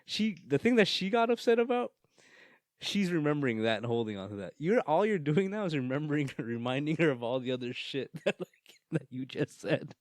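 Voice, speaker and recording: A man's voice: on the high side, expressive, brisk, no room sound, studio quality. A man co-hosting a podcast, giving joking relationship advice to other men and laughing often. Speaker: podcast co-host. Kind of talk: casual chat.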